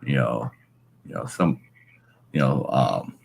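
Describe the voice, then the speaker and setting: A man's voice: a bass voice, animated, slow, creaky, slightly rough. A man chatting casually as a guest on a live stream, rambling with lots of filler phrases into a large microphone. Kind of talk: casual chat. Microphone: large studio microphone.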